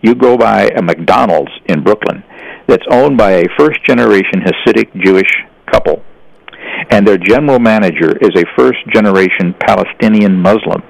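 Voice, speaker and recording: A man's voice: on the low side, moderate pace, creaky, dry recording, low-quality recording. An older man telling folksy stories in a rambling conversational way, often restarting his sentences. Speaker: guest. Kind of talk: storytelling in casual conversation.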